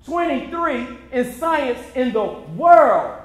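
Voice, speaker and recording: A man with a very high speaking voice delivers an impassioned motivational talk, pressing each point with preacherly, emphatic repetition. His words ring out in a roomy, echoing hall. He speaks to the crowd at a screening like a sermon. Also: very animated, slow. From United States. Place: event venue before an audience.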